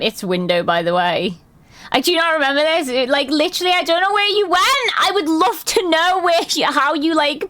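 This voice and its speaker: A woman chatting casually on a live stream, telling stories in a lively way and swearing and laughing often. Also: fairly high pitch.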